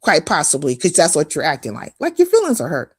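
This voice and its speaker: A woman's voice: sits low, huge pitch swings, fast talker, slightly rough, no room sound, clean studio sound. A woman hosting a live stream, delivering a heated, profane, confrontational rant full of mocking asides.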